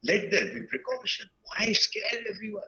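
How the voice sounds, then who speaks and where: A man in his sixties from India, giving an earnest, reflective lecture to teachers and pausing often mid-sentence. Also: high voice, expressive, pushed and bright, lo-fi sound, a little hiss or hum. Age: 60s. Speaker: guest speaker at a teachers' webinar. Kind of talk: lecture-style talk.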